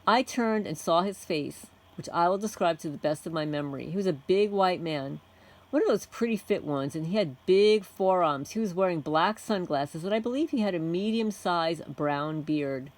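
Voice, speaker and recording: A woman channel host reading a written testimony aloud in a soft-spoken way, chuckling often. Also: lowish voice, expressive, moderate pace, poor audio.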